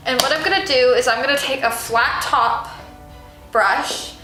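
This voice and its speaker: A woman's voice: high-pitched, unhurried. A young woman doing a casual makeup tutorial at home, chatty and giggly with jokey asides. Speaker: makeup vlogger. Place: room at home. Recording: echoey room with music behind.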